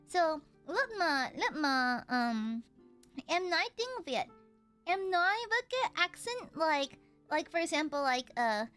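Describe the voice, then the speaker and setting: A woman's voice: sits high, fairly bright tone. A young American woman streaming as she paints miniatures, chatting casually and switching between English and Vietnamese, laughing often. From United States. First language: Vietnamese heritage speaker.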